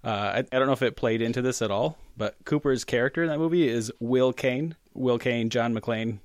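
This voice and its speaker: A man's voice: mid-range voice, fairly quick, no room sound, clean studio sound. A man co-hosting a casual podcast chat, rambling and joking as he corrects himself. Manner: rambling, self-correcting, jokey. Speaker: podcast co-host.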